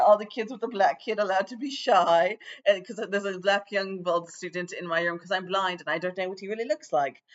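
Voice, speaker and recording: A man's voice: sits high, fairly bright tone. Rambling man giving a muffled lecture. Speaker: self-styled magic-class teacher.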